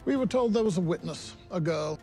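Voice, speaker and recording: An actor playing a pompous older lord with an old-school posh English accent. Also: male voice, sits high, expressive, brisk, dark tone, soft background music. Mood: stern.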